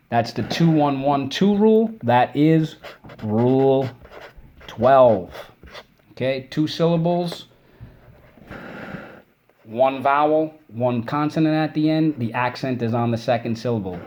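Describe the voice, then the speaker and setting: A man in the middle pitch range leads a recorded spelling lesson for children. He sounds upbeat and encouraging, praising answers and slowly stretching out each syllable when drilling words. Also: darkish tone, lo-fi sound, slight background noise. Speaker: teacher.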